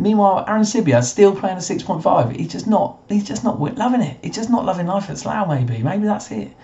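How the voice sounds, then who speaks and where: A young man with a slightly croaky voice commentates his own football management game, muttering and then bursting into cheers at the screen. His voice is dark and mellow. The recording is a little dull and muffled. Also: mid-range voice. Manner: excitable, swings between muttering and cheering at the screen. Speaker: gaming commentator. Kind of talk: casual let's-play commentary.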